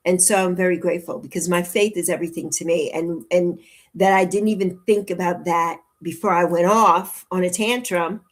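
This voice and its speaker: A woman in her early sixties hosting a casual livestream, chatting warmly and repeating her phrases as she answers viewers' comments. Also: fairly low pitch. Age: 60s. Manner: warm, chatty, repeats phrases, laughs often. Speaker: livestream host.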